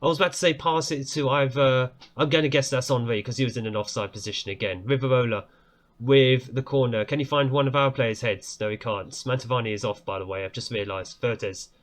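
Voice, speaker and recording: An excitable man commentates on a football management game in a loose, chatty way, quick to exclaim and laugh at what he sees. His voice sits at an ordinary middle pitch. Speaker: gaming YouTuber.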